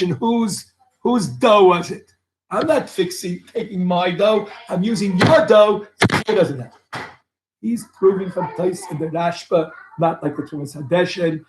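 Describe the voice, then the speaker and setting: A man's voice: high-pitched, echoey room, background noise. A man, a rabbi, teaching a Talmud lecture to students, explaining each point with rhetorical questions and mixing Hebrew and Yiddish terms into his English.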